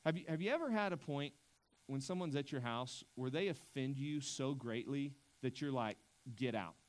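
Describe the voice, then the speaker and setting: A man's voice: mid-range voice, normal speed. A man preaching a sermon as pastor, conversational and emphatic, often restarting his sentences.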